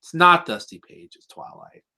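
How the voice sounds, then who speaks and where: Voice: measured pace, pushed and bright. A co-host in a casual review chat who rambles, cracks jokes and trips over words while retelling the plot. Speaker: co-host of a cartoon review show.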